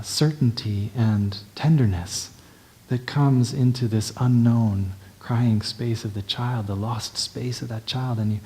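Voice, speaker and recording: Gentle, mellow-voiced male meditation teacher. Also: medium pitch. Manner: gentle, unhurried, checks in with "right?". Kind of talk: dharma talk.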